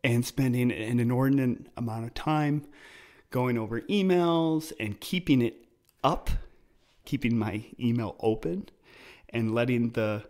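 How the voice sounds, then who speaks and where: A man's voice: mid-range voice, measured pace, a little mellow. A man hosting his own podcast, talking casually and explaining ideas through personal stories. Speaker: podcast host. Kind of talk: casual solo podcast talk.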